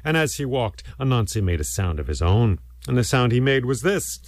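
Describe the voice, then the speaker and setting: A man's voice: medium pitch, moderate pace. A man telling a folk tale aloud in a rhythmic, repetitive storytelling manner. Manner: animated, rhythmic, repetitive phrasing.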